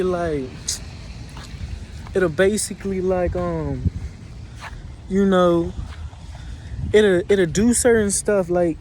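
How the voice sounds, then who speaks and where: Young man, squeaky high voice, unhurried rambling vlog chat, faint traffic behind. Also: darkish tone. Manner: rambling, restarts, drawn-out pauses. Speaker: vlogger.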